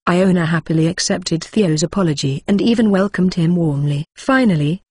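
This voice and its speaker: Low, husky woman reading a story. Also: moderate pace, hardly any pauses, darkish tone, no echo, studio quality. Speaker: narrator. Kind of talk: audiobook narration of a web novel.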